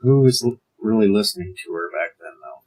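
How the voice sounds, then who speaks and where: A man's voice: lowish voice, a little fast, a little mellow, low-quality recording. A man hosting a live stream, chatting casually and running the setup as he talks. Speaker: stream host. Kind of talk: casual chat.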